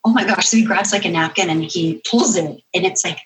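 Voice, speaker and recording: A woman guest on a podcast telling funny stories, animated and full of "like" and "you know.". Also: lowish voice, brisk, far from the mic, rough recording. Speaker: guest, comedy author. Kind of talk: podcast interview, storytelling.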